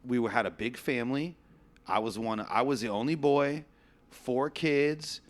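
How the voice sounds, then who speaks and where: A man's voice: medium pitch, unhurried. Man, podcast host, casual chat, laughs a lot, swears freely, storytelling.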